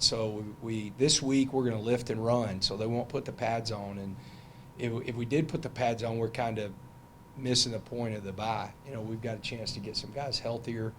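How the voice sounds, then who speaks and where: A man's voice: lowish voice, a little hiss or hum. A middle-aged man, a head football coach answering press conference questions in a loose, conversational way with many fillers and restarts.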